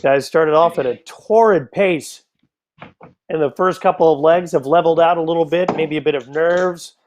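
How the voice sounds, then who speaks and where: A man's voice: a little high, moderate pace, a little mellow. A man from the United States doing live darts commentary, chatty and joking in asides to viewers.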